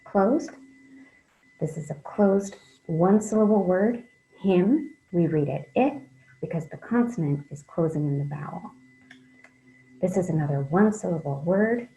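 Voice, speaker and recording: Woman, teacher, children's reading lesson, low voice, warm tone, encouraging, frequent ums. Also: a little slow, long pauses, a little hiss or hum, low-quality recording. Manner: patient, encouraging, many "um" fillers.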